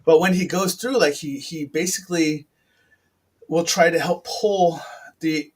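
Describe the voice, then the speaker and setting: A man's voice: on the high side, fairly even intonation, measured pace. A middle-aged man hosting a casual chat, telling a personal story in a rambling, upfront way with many restarts. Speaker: podcast host.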